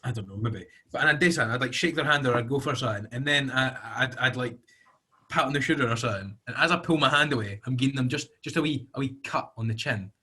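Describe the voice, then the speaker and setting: A man's voice: mid-range voice, fast talker, sharp tone, husky. A young man co-hosting a podcast, telling playful, sweary stories in casual chat. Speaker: podcast co-host.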